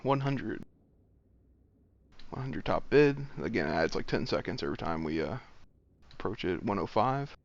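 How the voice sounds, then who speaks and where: A low, gravelly male voice coming through muffled lo-fi voice chat. He runs a game raid, calling out bids and directions in a plain, matter-of-fact way. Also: animated, normal speed, pauses often. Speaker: raid leader running loot auction. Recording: dull lo-fi voice chat audio.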